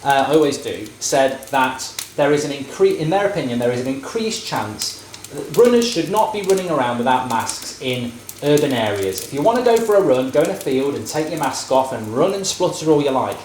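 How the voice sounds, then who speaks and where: A man's voice: medium pitch, very animated, brisk, darkish tone, reverberant, slight background noise. A man in his thirties cooking and chatting casually, rambling through jokey, opinionated rants, recorded in a home kitchen with frying sizzling behind. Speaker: vlogger cooking on camera. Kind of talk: casual chat while cooking.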